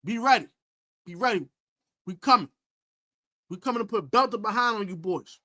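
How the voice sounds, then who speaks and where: A man hosting a football preview, trash-talking rival fans in a boastful, animated way and repeating his taunts. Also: sits high, moderate pace. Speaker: sports podcast host.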